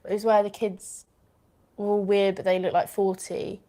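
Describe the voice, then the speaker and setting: A woman's voice: medium pitch, moderate pace, natural voice, poor audio. An actress playing a sarcastic, worn-out young woman who looks after her family. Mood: deadpan. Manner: dry, deadpan, sometimes whispering.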